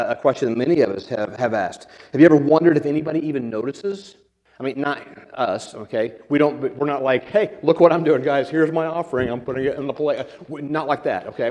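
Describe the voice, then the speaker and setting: A man's voice: medium pitch, a little mellow. A man preaching a sermon as a pastor, conversational with self-deprecating humor and frequent restarts. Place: church sanctuary. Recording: long church reverb.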